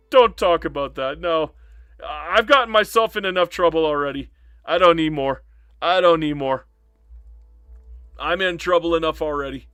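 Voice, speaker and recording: A man with a bright, slightly high voice gives loose, joking live commentary while playing a strategy game. He talks to himself and his chat in a chatty, off-the-cuff way. Faint music plays behind him. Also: clean tone, no room sound, clean studio sound.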